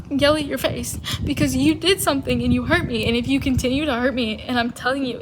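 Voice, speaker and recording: A woman's voice: fairly high pitch, fairly bright tone, slight background noise. A woman hosting a solo podcast, talking in a casual, emphatic and opinionated way. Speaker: podcast host.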